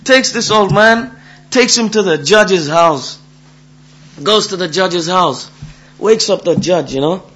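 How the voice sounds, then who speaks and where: A man telling a folk tale aloud in a lively, casual way, full of asides. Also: high voice, slow. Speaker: storyteller. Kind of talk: oral storytelling.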